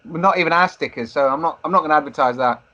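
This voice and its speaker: A man's voice: on the high side, fast, bright, forceful tone, lo-fi sound. A man with young children, co-hosting a podcast in casual, swearing banter. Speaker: podcast co-host. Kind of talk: casual chat.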